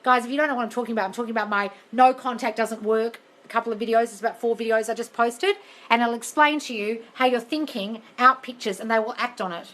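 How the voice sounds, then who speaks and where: Bright, blunt woman streaming live. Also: a little high, steady tone, quick pace. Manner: chatty, blunt and swearing, calls viewers darling. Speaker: live-stream host answering viewer questions. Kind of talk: casual chat reading and answering comments. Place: home, moving about into the kitchen. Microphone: phone.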